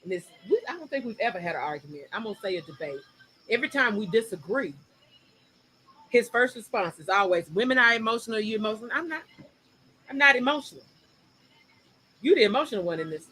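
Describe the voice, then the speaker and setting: Bright, emphatic woman co-host. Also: medium pitch, a little fast, long pauses, slight background noise, low-quality recording. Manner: animated, emphatic and opinionated, speeds up when making a point. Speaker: podcast co-host. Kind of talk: casual chat.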